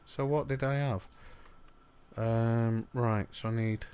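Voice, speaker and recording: A man's voice: medium pitch, fairly even intonation, takes it slowly, a little mellow, slight background noise. A man giving casual gameplay commentary as a let's play host, chatty and muttering asides to the objects on screen.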